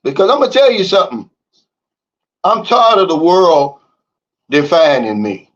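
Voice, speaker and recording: Heated guy ranting at his chat, high-ish voice, kinda muffled audio. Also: sing-song, normal speed. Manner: fired-up, blunt, repeats "Big Dog" and "okay?". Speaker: livestream host reading chat. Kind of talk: casual livestream talk. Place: living in the Philippines.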